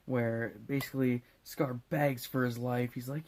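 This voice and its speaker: A man's voice: mid-range voice, steady tone, unhurried, darkish tone. Drunk man rambling through a movie recap. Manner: rambling, profane, jokey. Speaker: host.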